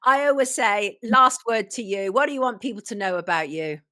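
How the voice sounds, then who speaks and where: Lively, effusive woman podcast host. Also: mid-range voice, brisk, no echo, clean studio sound. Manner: effusive, warm praise. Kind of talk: podcast interview.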